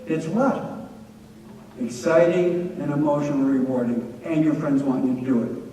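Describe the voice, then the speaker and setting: A man giving a lecture with anecdotes at a staff training, an energetic, animated storyteller who acts out quotes. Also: on the high side, fairly quick, a little hiss or hum. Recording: echoey hall, distant mic.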